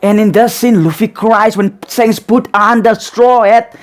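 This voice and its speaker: A man with a high voice gives casual reaction commentary on a show. He repeats his points over and over and tacks "man" onto almost every sentence. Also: fairly even intonation, measured pace. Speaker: reaction video host.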